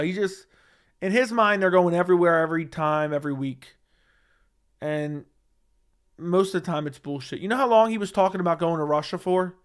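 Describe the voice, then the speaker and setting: A man's voice: high-pitched, brisk, clean tone. A man hosting a casual MMA livestream from a home setup, reading viewer comments and answering them in a defensive, argumentative way that repeats its points. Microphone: studio dynamic mic.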